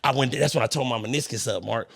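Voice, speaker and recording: A young male podcast host talks fast in a gravelly, slightly raised voice, bragging and joking with loud, animated energy. The sound is dry and close. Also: mid-range voice, dry recording. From St. Louis, Missouri. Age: young adult. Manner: boastful, animated, profane trash talk. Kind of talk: casual chat.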